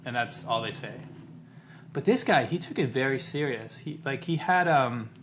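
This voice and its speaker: A man's voice: mid-range voice, normal speed, a little hiss or hum. A man talks to camera about a trip, in a loose and chatty way. He often stops mid-phrase to correct himself. When he quotes the people he met, his voice jumps up and gets livelier. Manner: rambling, self-correcting, quotes people in animated bursts. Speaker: vlogger telling a travel story. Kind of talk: casual storytelling.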